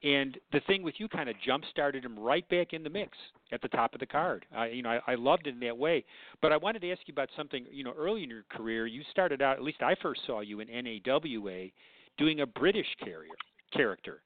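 A man with a middle-pitched voice hosts an interview, asking questions haltingly and repeating words. He comes through a tinny, phone-like line. The sound is dry. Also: expressive, dry recording. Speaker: show host.

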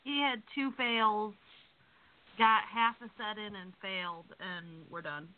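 Woman, slow easygoing caller, casual chat, phone-line sound. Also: mid-range voice, expressive.

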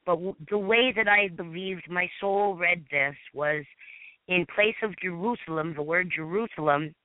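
A woman's voice: on the low side, dry recording. Earnest woman on a tinny phone line. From Massachusetts, USA. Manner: earnest, fervent, with halting restarts. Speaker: guest panelist. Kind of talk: personal testimony and scripture reading. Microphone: phone call.

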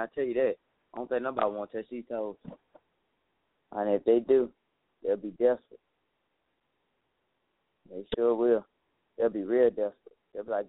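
A man's voice: mid-range voice, moderate pace, long pauses, no room sound. A man hosting his own talk show in a casual, folksy monologue, chatting to listeners and calling them honey, a little tired. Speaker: show host. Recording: tinny phone-like line, dry.

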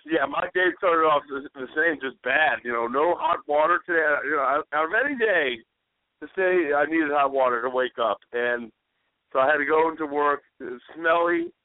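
A man's voice: a little high, moderate pace, dry recording, phone-quality sound. Weary complaining man, phone-thin sound. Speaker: radio host. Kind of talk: casual podcast chat.

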